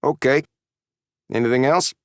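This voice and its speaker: A man's voice: mid-range voice, animated, fairly quick, smooth, dry recording, pitched above the performer's own voice, natural voice. A man reading an audiobook voices a police chief in his mid-sixties, curt and nasal. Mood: dismissive. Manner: curt and evasive.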